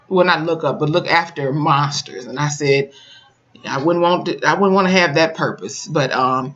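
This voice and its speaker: A YouTuber recapping a horror episode in a casual, profane, animated way, full of sassy asides. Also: mid-range voice, muffled recording. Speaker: TV episode reviewer.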